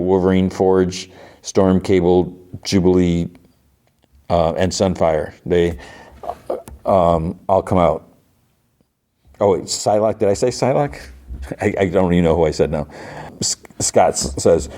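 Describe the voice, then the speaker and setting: A man hosting a podcast, retelling an episode in a loose, rambling way. He fills his talk with fillers and mouth sound effects. His voice is very low, with a dark, mellow tone. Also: moderate pace. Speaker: podcast host. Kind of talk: casual episode recap.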